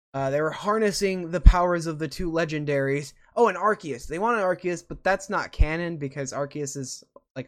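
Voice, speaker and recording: A show host chatting casually and enthusiastically at a middle pitch. The talk rambles with plenty of fillers. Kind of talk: casual chat about video games.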